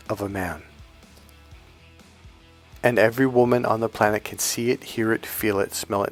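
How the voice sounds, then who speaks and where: A middle-aged man coaches on dating straight to camera, blunt and emphatic, swearing freely and repeating phrases for stress. His voice is mid-range, and the recording has no echo.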